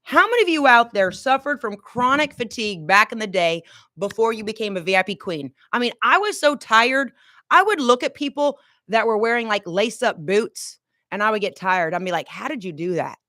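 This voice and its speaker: A woman hosting a motivational live stream, speaking with high energy to her viewers and coaxing them to repeat affirmations out loud. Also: lively intonation, moderate pace, dry recording, studio quality. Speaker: motivational host.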